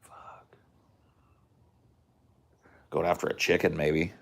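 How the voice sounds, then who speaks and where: A man's voice: deep voice, moderate pace, gravelly, fairly bright tone. An American man with a mix of country and Californian accent, chatting casually and profanely as a podcast co-host. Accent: mix of rural American and General Californian. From United States. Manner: profane, rambling, puts on mock accents. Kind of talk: casual chat.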